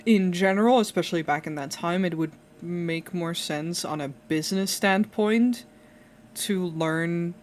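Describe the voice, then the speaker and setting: Chatty woman streaming. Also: a little slow. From Netherlands. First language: Dutch. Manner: chatty storytelling, gets louder and higher when excited, casual swearing. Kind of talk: casual live-stream chat.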